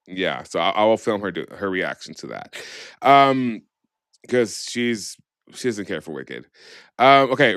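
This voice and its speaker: A man's voice: mid-range voice, very animated, normal speed, fairly bright tone, clear, resonant tone, no room sound. Man, casual podcast chat, sassy, gossipy, curses a lot, mid-range voice, dry close sound. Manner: sassy, gossipy, swears freely. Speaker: podcast co-host.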